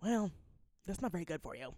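Fast-talking woman rambling through a story. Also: on the low side, animated, mellow, no room sound, studio quality. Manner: rambling, self-mocking, lots of fillers. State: sick. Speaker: podcast co-host. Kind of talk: casual storytelling chat.

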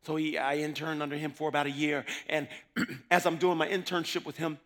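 Male preacher, high voice, slangy testimony, hushed to shouting. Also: a little fast. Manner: animated, slangy storytelling, swings from hushed to shouting. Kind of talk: sermon with personal testimony.

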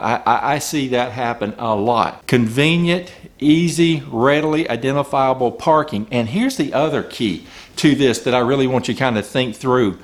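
A man coaching small business owners, talking emphatically and firing off rhetorical questions from the customer's point of view. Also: medium pitch. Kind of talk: business advice talk.

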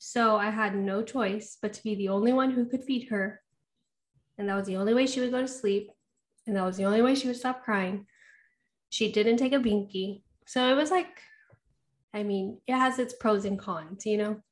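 A woman, co-hosting a casual chat and telling animated stories, acting out what people said. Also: medium pitch, moderate pace. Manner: animated storytelling, acts out quotes, laughs often. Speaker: podcast co-host.

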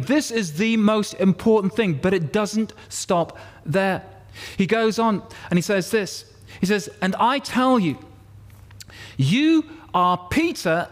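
A man preaching a sermon to a congregation, explaining scripture and having the crowd repeat words back to him. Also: sits high. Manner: expository, leads congregation call-and-response. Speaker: pastor. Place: church.

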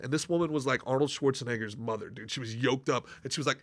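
A man's voice: medium pitch, expressive, quick pace, bright, forceful tone, dry recording, studio quality. A man hosting a podcast and chatting casually, rambling with restarts before landing emphatic lines. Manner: rambling, hesitant, with many restarts, then emphatic. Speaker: podcast host.

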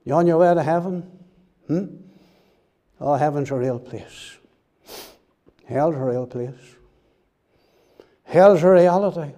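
A man's voice: on the high side, slow, pauses often, warm tone. A man preaching a sermon in an earnest way, repeating key phrases and putting direct questions to his listeners.

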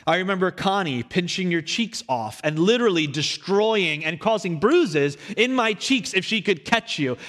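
A young man preaching from the pulpit with a fairly high voice, the sound carrying through a reverberant church hall. He tells personal stories in an animated way and now and then slips into his younger self's voice. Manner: storytelling, animated, acts out his younger self in quotes. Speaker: pastor. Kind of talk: sermon. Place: church sanctuary. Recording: echoey hall.

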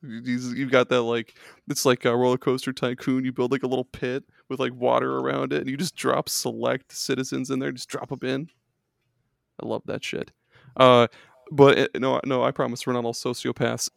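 A man's voice: mid-range voice, level tone, moderate pace, gravelly, no room sound, clean studio sound. A man hosting a gaming podcast, laid-back and teasing his guests with a laugh. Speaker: podcast host. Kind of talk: casual podcast chat.

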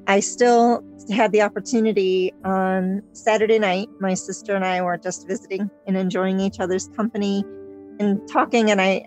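A woman chatting on a podcast, telling a personal story hesitantly with many pauses and restarts. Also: medium pitch, low-quality recording. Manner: hesitant, lots of ums and restarts. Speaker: podcast guest. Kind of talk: casual chat.

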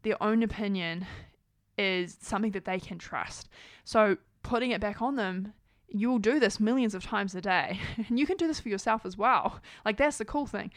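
A woman's voice: medium pitch, normal speed, no room sound, clean studio sound. A woman in her thirties talking frankly and with animation to camera, full of "like" fillers. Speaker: parenting vlogger. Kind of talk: casual talk to camera.

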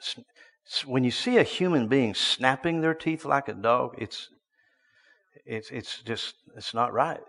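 Preacher in a reverberant hall. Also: male voice, medium pitch, unhurried, vocal fry. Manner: storytelling, swinging from hushed to loud bursts. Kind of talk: sermon.

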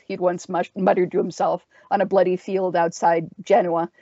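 A woman reading a dark fantasy story aloud, in a measured, expressive narration. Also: lowish voice, no room sound. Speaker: story reader. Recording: dull dry lo-fi sound.

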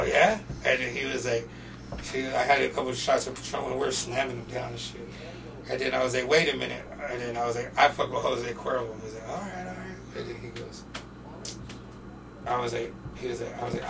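Gravelly, animated guest telling stories. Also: male voice, mid-range voice. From North Portland, USA. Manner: animated, profane, laughing, acts out quoted voices. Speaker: podcast guest. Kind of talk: casual storytelling. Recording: distant mic with steady background noise.

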